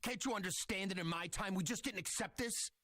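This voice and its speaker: An actor voicing a gruff, old-fashioned middle-aged father in an animated cartoon, grumbling stiffly. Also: sits high, a little fast, music in the background, natural voice. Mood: conflicted.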